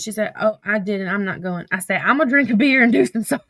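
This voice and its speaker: A woman's voice: a little high, a little fast, a bit bright. A woman with a Southern accent, chatting on a livestream, cursing freely and reading out text messages. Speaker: livestream host. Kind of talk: casual livestream storytelling.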